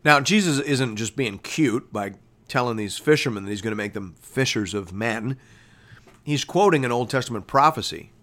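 A pastor teaching the Bible on the radio at a mid-range pitch. He talks through scripture in an easy, conversational way and keeps asking "right?" as he goes. When he drives a point home, his voice climbs high and gets louder. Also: animated, normal speed. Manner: conversational, often asks "right?" and restarts mid-phrase; rises sharply in pitch and volume when pressing a point.

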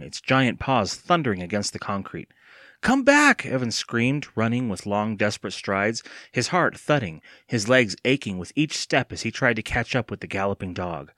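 A man reading a children's spooky storybook aloud, expressive. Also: fairly low pitch, no room sound, clean studio sound. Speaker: audiobook narrator. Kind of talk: scripted narration.

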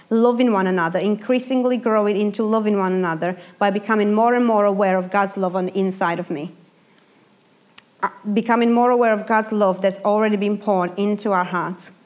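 A young woman giving a sermon, telling a personal story in a lively, animated way. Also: medium pitch. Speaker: preacher.

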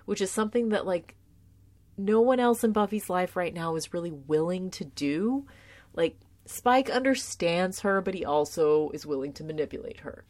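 Low-voiced woman, earnest and emotional. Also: a little mellow. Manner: emotional and earnest, close to tears; heavy use of filler words like "like". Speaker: tv show commentator. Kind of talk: casual personal commentary.

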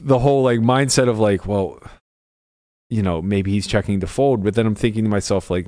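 A man's voice: on the low side, fairly quick, dark tone. A young man on a podcast, casually telling a poker story, swearing freely and acting out both sides of the hand. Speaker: podcast co-host.

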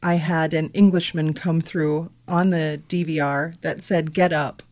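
A woman's voice: low-pitched, steady tone, measured pace, a little mellow. A woman co-hosting casual radio talk, recounting events in a plain, hesitant way with fillers. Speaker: paranormal investigator co-host.

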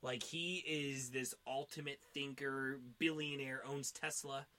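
A man's voice: mid-range voice, fairly even intonation, unhurried, pushed and bright. A man co-hosting a podcast, rambling in casual chat with lots of fillers and swearing. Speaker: podcast co-host.

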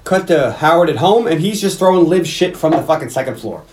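A man with a slightly higher voice recaps a movie for his co-hosts. He slips in and out of the characters, playing their lines with loose, casual energy. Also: lively intonation, brisk, a little mellow. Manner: retells scenes acting out lines in character voices. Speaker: podcast co-host.

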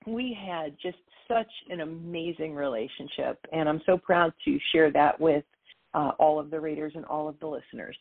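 A woman guest telling a lively story about her life in an interview, acting out the voices of others as she goes. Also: sits low, normal speed, husky. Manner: animated storyteller, quotes voices. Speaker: author and guest. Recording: tinny phone line.

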